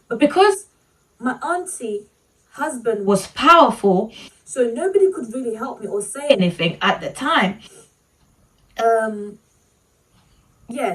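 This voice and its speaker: A vlogger with a fairly high voice shares a painful personal story with her viewers, holding back tears. She speaks haltingly, leaning on "like" and "you know," and sounds a little far from the mic.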